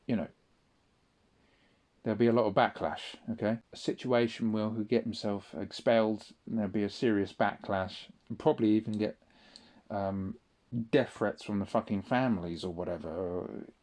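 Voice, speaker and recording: A man's voice: fairly low pitch, steady tone, moderate pace, a little mellow. A man in a casual spoken monologue, rambling and swearing often, with frequent restarts. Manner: rambling, profane, restarts a lot. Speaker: audio diarist.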